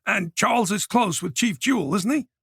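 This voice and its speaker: A man's voice: sits high, animated, normal speed, creaky, fairly bright tone, husky, no room sound, clean studio sound, voice pushed up, heavily acted. A man voicing a jittery male shopkeeper. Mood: panicked. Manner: fretful, flustered, overly polite. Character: nervous, jittery male shopkeeper who panics easily. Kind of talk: audiobook character voice.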